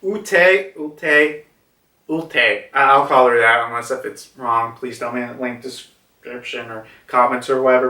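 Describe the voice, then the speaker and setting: A man's voice: mid-range voice, a little slow, sharp tone. A man casually reviewing a comic chapter, rambling with lots of fillers and restarts. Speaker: manga reviewer. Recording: echoey room, far from mic.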